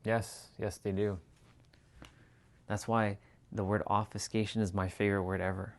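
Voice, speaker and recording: A man with a fairly low voice chats loosely on his livestream. He rambles from thought to thought, swears freely and laughs often as he goes. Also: little pitch movement, moderate pace. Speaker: livestream host. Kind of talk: casual chat.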